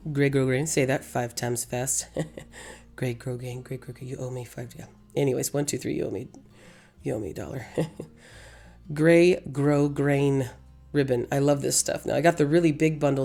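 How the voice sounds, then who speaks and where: Hoarse gravelly woman crafting tutorial. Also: sits low, dark tone. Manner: chatty, rambling, self-correcting. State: hoarse, losing her voice. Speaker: craft channel host. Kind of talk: casual crafting tutorial voice-over.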